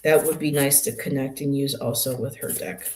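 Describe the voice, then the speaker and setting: A woman's voice: extremely low pitch, steady tone, normal speed, mellow. An older woman hosting a tarot livestream, chatting casually and greeting viewers by name.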